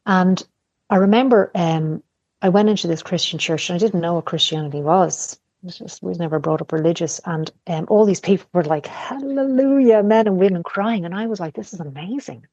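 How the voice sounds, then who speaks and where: A middle-aged woman with a lowish voice tells personal stories on a podcast, frank and unfiltered, with the odd curse. The sound is dry and close, with a slightly dull, lo-fi tone. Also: a little fast, darkish tone, no room sound. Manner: candid storytelling with casual swearing. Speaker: podcast guest. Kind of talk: casual conversation.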